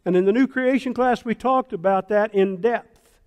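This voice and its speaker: A pastor preaching a sermon in a church sanctuary, animated and storytelling, with emphatic asides. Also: male voice, high voice, normal speed, clear, resonant tone. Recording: long hall reverb.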